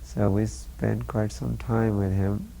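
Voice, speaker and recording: A man recounting memories in an interview, measured and plain, with frequent fillers. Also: lowish voice, level tone, creaky, warm tone, slight background noise. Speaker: former disciple recalling memories. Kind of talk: reminiscing interview.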